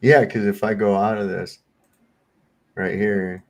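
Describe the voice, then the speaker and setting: A man's voice: lowish voice, steady tone, measured pace. Easygoing man hosting a late stream. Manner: easygoing, agreeable, thinks aloud while clicking around. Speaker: stream host. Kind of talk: casual chat.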